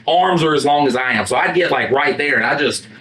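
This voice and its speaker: A male podcast co-host rambles through a story in casual banter, animated and profane, voicing his own quotes. His bright, forceful voice sits on the high side and runs a little fast. The audio is roomy, caught by a distant mic across an echoey room rather than the podcast mics.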